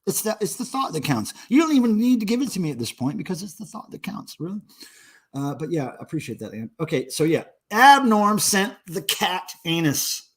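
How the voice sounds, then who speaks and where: A man's voice: on the high side, very animated, fast talker, darkish tone, breathy edge. A man in his forties hosting a casual livestream, drinking beer and joking crudely with viewers in the chat. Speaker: livestream host.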